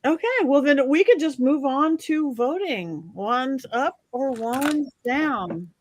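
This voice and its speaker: A woman hosting a panel show, briskly moving the talk along and tallying the votes. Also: high voice, animated, a little hiss or hum. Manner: brisk, moves things along and tallies votes. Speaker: host.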